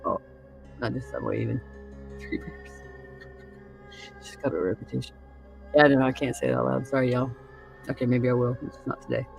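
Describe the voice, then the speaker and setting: Woman, casual chat host, gravelly, crude storyteller, laughs often. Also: a bass voice, fairly even intonation, fairly quick, pauses often, darkish tone, faint music behind, poor audio. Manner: crude, laughing storyteller who acts out other people's lines. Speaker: podcast host.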